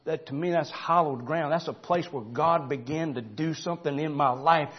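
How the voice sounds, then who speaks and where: Male pastor, fairly high voice, folksy preaching that rises to shouting, dull lo-fi church recording. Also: moderate pace, breathy edge. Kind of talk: sermon.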